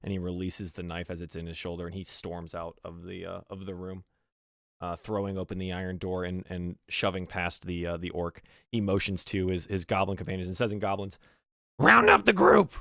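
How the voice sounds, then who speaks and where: A man's voice: low-pitched, little pitch movement, brisk, no echo, clean studio sound. A man narrating a tabletop game as game master, in loose, descriptive speech with frequent "uh"s.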